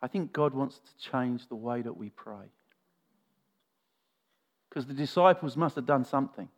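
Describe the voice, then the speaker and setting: A man preaching a sermon, retelling a scripture story with expressive, earnest delivery. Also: medium pitch, a little slow. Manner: expressive storytelling, shifting from animated to soft and earnest.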